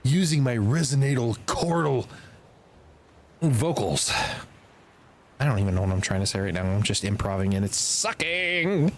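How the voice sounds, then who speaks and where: A streamer chats casually over gameplay, half talking to themselves, with a throat that sounds a little tickled. The voice sits mid-pitch but climbs and drops all over the place, turning suddenly exasperated and loud before settling back into a low mutter. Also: moderate pace, long pauses. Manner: animated, rambling self-talk with sudden exasperated outbursts. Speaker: live streamer playing a game.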